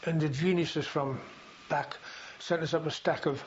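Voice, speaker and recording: A man's voice: fairly high pitch, steady tone, a little slow. An older man recounting his memories in an oral history interview, rambling with frequent fillers and restarts. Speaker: veteran interviewee. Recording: dull lo-fi recording with faint hiss.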